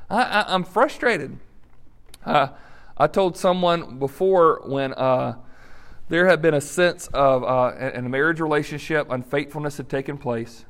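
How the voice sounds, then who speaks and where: A man's voice: on the high side, normal speed. A male pastor preaching in an earnest, direct, conversational way, with fillers. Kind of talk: sermon.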